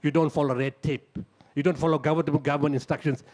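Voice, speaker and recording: A man's voice: a little high, fairly even intonation, quick pace, a little mellow. A middle-aged man, telling a dramatic story at a live talk, acting out the dialogue and hammering home lists. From South Africa. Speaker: humanitarian speaker.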